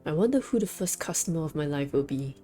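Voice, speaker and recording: A woman's voice: low voice, animated, fast, dark tone, faint music behind. A woman reading the lines of an earnest, slightly nervous young girl heroine in a visual novel.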